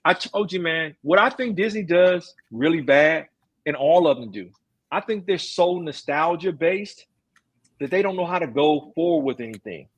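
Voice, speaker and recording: A man's voice: on the high side, expressive, moderate pace. A middle-aged man hosting a casual stream chat, ranting emphatically with slang. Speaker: streamer host.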